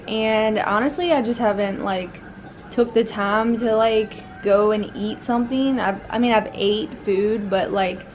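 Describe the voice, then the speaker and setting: A young woman who has just become a mother chats casually to her vlog camera in a mid-range voice, rambling along with lots of fillers. There's slight background noise in the recording.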